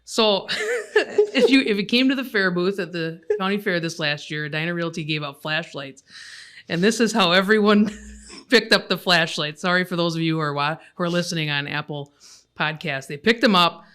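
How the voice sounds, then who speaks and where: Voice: mid-range voice, animated, normal speed, pushed and bright, smooth. A podcast host in casual chat, joking and laughing through stories.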